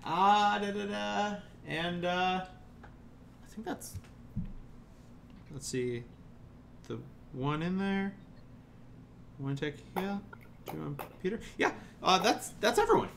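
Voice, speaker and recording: A man's voice: high voice, lively intonation, takes it slowly, vocal fry, pauses often, fairly bright tone, a little hiss or hum. A man running a tabletop role-playing game as game master, casual and hesitant, with frequent ums.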